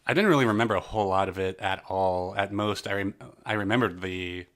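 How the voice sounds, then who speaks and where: Casting: male podcast co-host, low-ish bright voice, rambling banter. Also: a little fast. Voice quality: jokey, rambling, animated. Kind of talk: casual chat.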